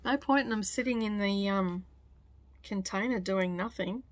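A woman's voice: medium pitch, moderate pace, dry recording. An Australian woman in her forties chatting casually in her home sewing studio, rambling with lots of fillers. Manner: chatty and rambling, many fillers, with little laughs. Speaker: sewing vlogger. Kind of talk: casual chat.

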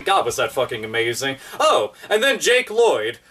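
A man's voice: medium pitch, big pitch swings, normal speed, bright, forceful tone, far from the mic. A man ranting in online commentary, profane, sarcastic and exasperated.

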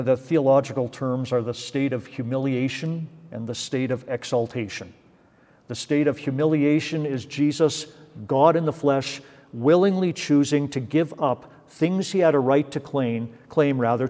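Man, pastor teaching Bible study, emphatic explaining, mid-pitched voice, long church reverb. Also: darkish tone. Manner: explanatory, stressing words, frequent "right?" and "okay?".

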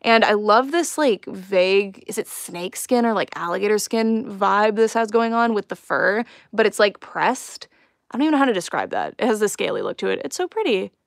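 A woman's voice: medium pitch, lively intonation, normal speed, creaky, no room sound, studio quality. A young woman chatting casually on a live stream at home as she unboxes dolls, rambling and giggling with lots of fillers. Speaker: doll collector livestreaming an unboxing. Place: home room.

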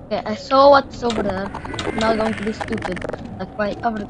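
A woman commentating her gameplay live, excitable, swearing and shouting at enemies. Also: mid-range voice, fairly quick. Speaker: gameplay streamer. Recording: loud game noise behind voice.

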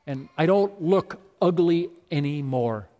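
A man voicing a healed leper man who cries out his joy loudly. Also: fairly high pitch, expressive, takes it slowly. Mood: exultant. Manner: loud, exultant outbursts. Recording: long reverb of a large hall.

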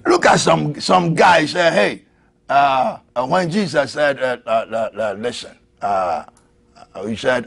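Man, preacher, sermon, husky, gravelly, shouts and murmurs. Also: sing-song, takes it slowly, long pauses. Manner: swings from shouted peaks to low murmurs, laughs often.

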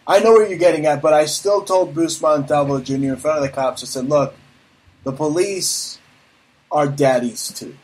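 Fired-up guy ranting on his talk show, kinda high voice, swears a lot. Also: moderate pace, poor audio. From United States. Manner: loud, profane, rambling rants. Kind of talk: ranting live talk radio.

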